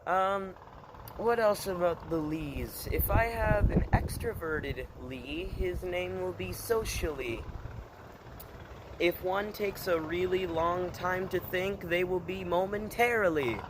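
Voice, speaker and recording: A man chatting casually to his channel, rambling and hesitant, full of fillers and deadpan puns. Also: high-pitched, noisy background. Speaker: channel host. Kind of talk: casual vlog chat.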